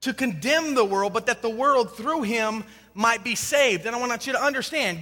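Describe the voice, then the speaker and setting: High, bright-voiced preacher in a reverberant hall. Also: male voice, moderate pace, hardly any pauses. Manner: animated, emphatic storyteller. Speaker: pastor. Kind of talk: sermon with personal storytelling.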